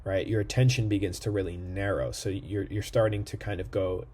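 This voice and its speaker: A man's voice: deep voice, steady tone, a little fast, warm tone, husky. A man giving a recorded lecture, explaining step by step and checking in with "right?" often. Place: indoor room near a street.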